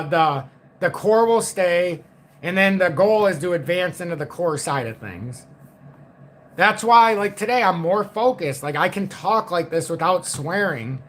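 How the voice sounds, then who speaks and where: A man with a notably high-pitched voice holds forth on a casual livestream. He talks bluntly and cynically and swears freely as he rants. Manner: blunt, profane, cynical ranting. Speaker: crypto market livestream host.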